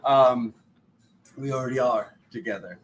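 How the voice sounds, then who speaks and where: A man hosting a casual livestream, excitable and quick to laugh as he greets viewers by name. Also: medium pitch. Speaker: spiritual livestream host.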